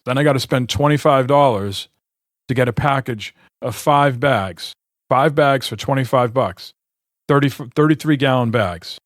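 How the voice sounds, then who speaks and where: A man's voice: mid-range voice, unhurried, no room sound, clean studio sound. A man co-hosting a podcast, telling a rambling, exasperated story in casual chat and swearing freely. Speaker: podcast co-host.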